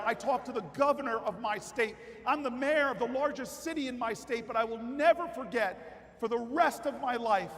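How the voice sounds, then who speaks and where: A man giving a keynote speech at a political convention, telling a story that builds into shouted rally calls. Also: extremely high pitch. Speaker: keynote speaker. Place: large convention hall. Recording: long hall reverb with faint crowd.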